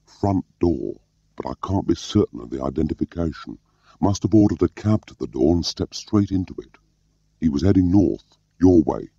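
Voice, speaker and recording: A man's voice: deep voice, expressive, moderate pace, gravelly, dark tone, breathy edge, no echo, heavily acted. A man voicing a dry, laconic male watcher who speaks in short, clipped phrases, in a muffled recording. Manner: terse, clipped.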